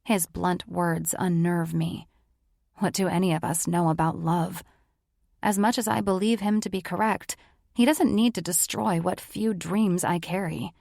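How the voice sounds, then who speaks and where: A woman's voice: on the low side, steady tone, a little slow, creaky, a little mellow, no echo, studio quality. A woman narrating a romance audiobook in the first person, with an intimate, emotive reading.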